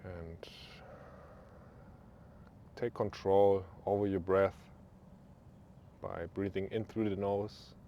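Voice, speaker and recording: A young man with a German accent leading a guided stretching class in a calm, easygoing way with small joking asides. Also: deep voice, slow pace, long pauses, muffled recording, slight background noise. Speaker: yoga instructor.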